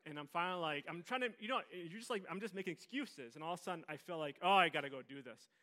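A pastor from Minnesota preaching in a conversational, animated way with self-mocking humor. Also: male voice, sits high, fast. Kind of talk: sermon storytelling.

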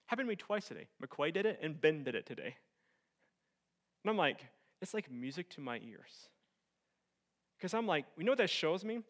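Animated young male pastor preaching. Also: fairly high pitch, moderate pace, long pauses. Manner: animated storytelling, shifts from loud excited to soft earnest. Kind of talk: sermon.

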